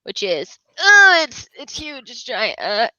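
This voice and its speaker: A woman's voice: fairly high pitch, wildly swooping pitch, slow, no echo, dull audio. A woman guest on a gaming podcast, chatting casually and laughing easily about board games. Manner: warm, laughs often, easygoing. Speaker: guest, gaming content creator. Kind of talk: casual interview chat.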